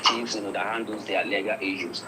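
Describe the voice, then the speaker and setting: A man's voice: fairly low pitch, steady tone, a little fast. A man arguing insistently on a talk panel, repeating himself when interrupted. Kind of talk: heated panel debate. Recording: loud background noise.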